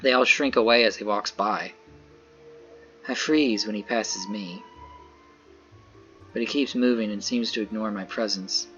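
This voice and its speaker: Man narrating a story over soft music. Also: on the low side, unhurried, long pauses, muffled recording. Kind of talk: first-person visual novel narration.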